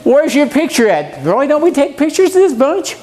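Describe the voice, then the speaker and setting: An older man in his seventies preaches a seminar lesson in a church. His voice sits high for a man, and he talks in a folksy, joking way, throwing questions out to the listeners. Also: very animated, normal speed, darkish tone. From USA. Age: 70s. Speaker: guest preacher. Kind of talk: seminar sermon. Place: church meeting room.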